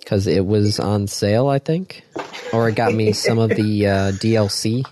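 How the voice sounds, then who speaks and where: A man co-hosting a podcast, reading news items aloud in a relaxed, casual way. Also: fairly low pitch, normal speed, background noise. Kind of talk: casual chat.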